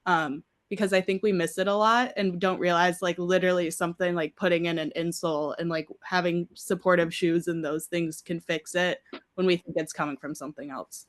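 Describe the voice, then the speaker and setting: A woman's voice: lowish voice, fairly even intonation, brisk. A woman co-hosting a podcast, chatting casually and often filling her talk with "like". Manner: chatty, many "like" fillers. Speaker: podcast co-host. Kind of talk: casual chat.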